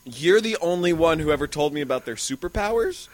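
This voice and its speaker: A man's voice: fairly high pitch, lively intonation, fairly quick, no room sound. A man in a casual comedy chat, joking and bantering in a wry, playful way.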